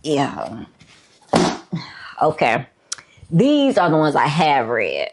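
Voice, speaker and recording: A woman's voice: low voice, wildly swooping pitch, extremely slow, background noise. A woman vlogger chatting casually about her book collection, laid-back and chatty, with lots of fillers and a "y'all" here and there. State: a bit out of breath. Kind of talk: casual show-and-tell chat.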